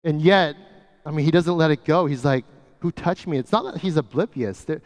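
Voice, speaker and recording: A man preaching a sermon as pastor, talking casually and often dropping to a soft, hushed voice. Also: a little high, fairly quick. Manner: conversational, often drops to a soft hush. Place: church sanctuary. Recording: church hall with long reverb.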